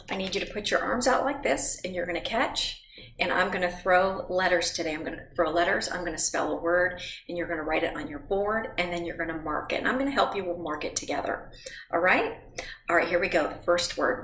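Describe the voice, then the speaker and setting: A woman teaching a phonics lesson to children at home, speaking slowly and patiently and spelling words out letter by letter. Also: on the low side, expressive, fairly bright tone, slight background noise, low-quality recording. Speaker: reading teacher.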